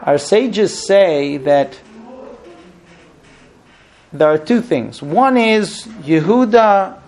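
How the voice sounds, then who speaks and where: Animated high-voiced man teaching Torah. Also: drawn-out words. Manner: animated storyteller, acts out quoted speech with high pleading voice. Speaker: rabbi teaching the weekly Torah portion. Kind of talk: informal Torah class.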